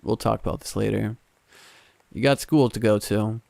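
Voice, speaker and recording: A stern, quiet farmer father speaks in short, doubting lines, voiced by a male narrator. His voice is gravelly and sits a little above the narrator's usual pitch. The sound is dry and close. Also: fairly even intonation, moderate pace, dry recording. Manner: terse and doubtful.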